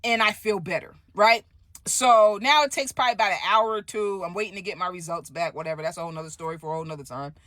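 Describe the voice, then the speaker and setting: A woman telling a story in a casual vlog, animated and profane, often asking "right?". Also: medium pitch, fast, dry recording, clean studio sound.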